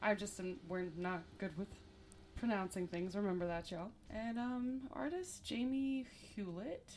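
A woman's voice: mid-range voice, unhurried, darkish tone, a little hiss or hum. A woman co-hosting a casual music podcast, chatting in an upbeat way with lots of fillers. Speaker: podcast co-host.

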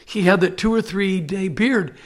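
A man's voice: high-pitched, moderate pace. An older man hosting a golf podcast, chatting casually and telling stories in a friendly way. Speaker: podcast host.

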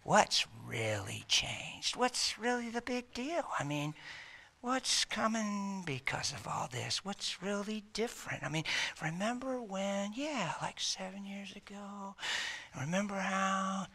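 A man's voice: very high-pitched, lively intonation, moderate pace, gravelly, few pauses, breathy edge, pitched above the performer's own voice, heavily acted. A man voicing a fawning male demon underling who whispers doubts and grovels to his boss. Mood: sly. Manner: groveling, wheedling, hushed.

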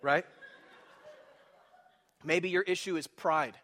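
Brief: male pastor, high bright voice, animated humorous sermon delivery. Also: normal speed. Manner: animated, humorous preaching with direct questions to the congregation.

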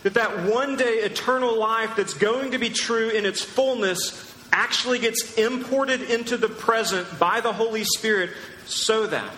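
A pastor preaching a sermon, teaching emphatically and asking the crowd questions. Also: male voice, high-pitched, a little slow, bright, forceful tone, slight background noise. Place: large church hall. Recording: echoey church hall with long reverb.

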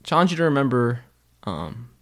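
A man's voice: medium pitch, sing-song, normal speed, a bit bright. A young man co-hosting a casual faith podcast, telling a personal story in an earnest, reflective way. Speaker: podcast co-host.

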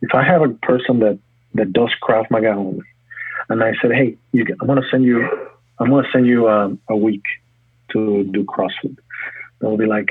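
A man with a low, husky voice talks about coaching with eager energy, often breaking off and restarting his sentences. The sound is dry and close, squeezed thin like a phone call. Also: fairly even intonation, moderate pace, no room sound. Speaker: gym owner and fitness coach. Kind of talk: casual interview talk. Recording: tinny phone-like line.

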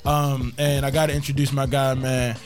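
A man's voice: medium pitch, little pitch movement, soft background music. A man co-hosting a casual podcast, joking around and rambling playfully with his co-host and guest. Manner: playful, rambling, quick talker.

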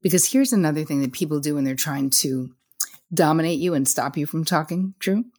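A woman with a deep, low voice talks as a therapist guest in a relaxed interview. She tells stories with energy, slipping into other people's lines and cursing mildly along the way. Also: a little fast. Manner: lively storyteller, acts out dialogue, casual swearing. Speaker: psychotherapist and author as guest. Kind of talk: casual interview chat.

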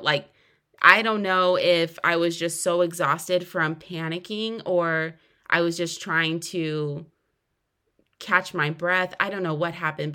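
A young woman with a fairly low voice tells her own story on her podcast. She speaks earnestly, and her voice jumps up in pitch and loudness on key moments before settling back. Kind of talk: personal storytelling.

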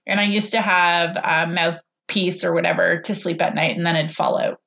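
A woman's voice: on the low side, flat delivery, normal speed, gravelly, a bit bright. A woman hosting a podcast, casually telling a personal story and quoting others in a chatty, conversational way. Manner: chatty, quotes others in conversation, frequent "like" and "he's like". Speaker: podcast host.

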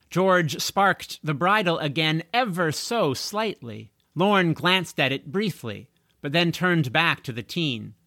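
A man reading a story aloud as narrator, expressive, on a close mic. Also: on the high side, no room sound. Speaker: audiobook narrator.

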